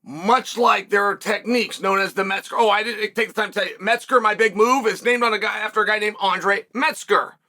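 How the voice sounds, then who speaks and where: A man's voice: sits high, brisk, few pauses, sharp tone. A middle-aged man hosting a commentary monologue for viewers, emphatic, repeating words and asking rhetorical questions. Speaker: host and former fighter.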